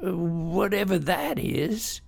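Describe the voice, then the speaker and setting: A man's voice: high-pitched, takes it slowly, vocal fry, husky, pitched above the performer's own voice, full character voice. A man voicing a friendly, apologetic male newt in a storybook with a folksy drawl.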